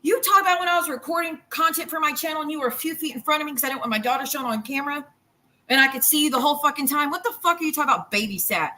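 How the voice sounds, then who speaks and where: A woman's voice: high voice, racing, pushed and bright, slight background noise, poor audio. Heated, cursing woman ranting on stream. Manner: heated, profane, rambling and repetitive. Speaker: livestreamer. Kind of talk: angry livestream rant. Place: home kitchen while cooking.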